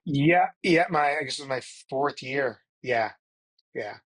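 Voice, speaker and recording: A man's voice: mid-range voice, expressive, a little slow, fairly bright tone. A middle-aged man speaking earnestly as a guest on a casual podcast interview, often restarting his sentences. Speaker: guest, performance psychologist.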